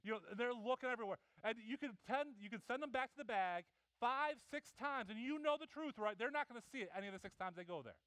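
A middle-aged man preaching a sermon, telling animated family stories and acting out the voices of his kids and wife. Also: very high-pitched, fast, few pauses, smooth, dry recording, low-quality recording. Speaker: pastor.

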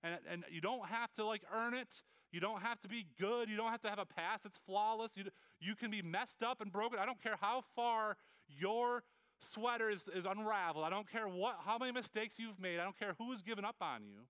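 A pastor with a high, bright voice delivers an earnest, pleading sermon, tripping over quick restarts and repeated words. His tone is clear and smooth, captured close up in a dry recording with no echo.

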